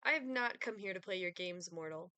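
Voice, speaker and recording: A woman's voice: fairly low pitch, lively intonation, a little fast, sharp tone, clear, resonant tone, no room sound. A woman reading the lines of a haughty male Grim Reaper in a game, pompous and theatrically threatening, in a dry close recording. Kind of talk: dramatic reading of game dialogue.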